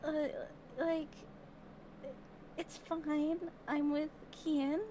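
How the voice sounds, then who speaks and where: A woman's voice: high-pitched, flat delivery, drawn-out words, mellow, slight background noise, pitched above the performer's own voice. A woman voicing a sheltered young woman who answers hesitantly and a little cheekily. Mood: evasive.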